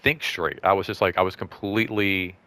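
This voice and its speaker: A middle-aged man with a somewhat low voice tells a story from his job in a loose, rambling way. He keeps circling back with "like" and "you know", restarts his sentences, and slips into the voices of the people he quotes. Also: fairly even intonation, fairly quick, pushed and bright, dry recording. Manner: rambling, full of "like" and restarts, acts out both sides of conversations. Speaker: show host. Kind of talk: casual storytelling monologue.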